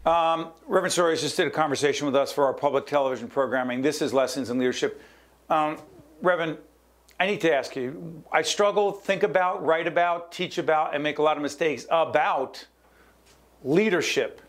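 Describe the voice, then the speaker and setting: A man's voice: fairly high pitch, moderate pace. A man hosting a leadership talk show, bantering with energy. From New Jersey. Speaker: host.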